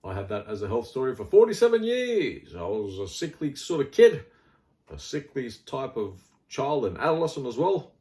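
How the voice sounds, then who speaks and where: A man's voice: mid-range voice, sing-song, moderate pace, warm tone. A middle-aged man with an Australian accent, talking in a rambling, blunt and wry casual monologue full of fillers. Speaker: health vlogger.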